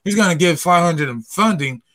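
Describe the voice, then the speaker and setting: Fairly high-voiced man explaining at length. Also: animated, normal speed, a bit bright, slight background noise. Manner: explains at length, building his argument. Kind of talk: casual group discussion.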